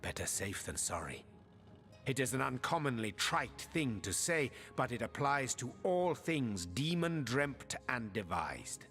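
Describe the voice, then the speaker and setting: A man's voice: medium pitch, big pitch swings, measured pace, fairly bright tone, in a large hall, soft background music. An actor voicing a stern male demon hunter who lectures in a formal, preaching way, in video game dialogue. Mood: lecturing.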